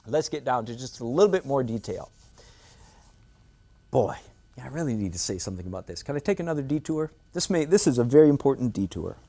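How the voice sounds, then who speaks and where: A man's voice: mid-range voice, sing-song, fast, mellow. An older man gives a drawing lesson in an indoor studio. He talks in a playful, self-mocking way, with frequent rhetorical asides to the viewer. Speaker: art instructor.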